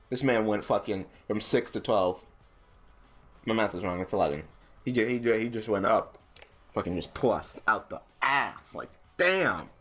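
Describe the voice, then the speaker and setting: A young man giving casual gameplay commentary, swearing and ranting in exasperation, swinging between mumbled asides and loud outbursts. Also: on the low side. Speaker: gaming channel host.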